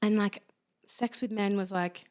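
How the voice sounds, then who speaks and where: A woman, guesting on a podcast. She chats in an easy, average-pitched voice. She acts out other people's lines with plenty of laughter. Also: unhurried. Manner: animated storyteller, acts out quotes with laughter. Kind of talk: casual podcast chat.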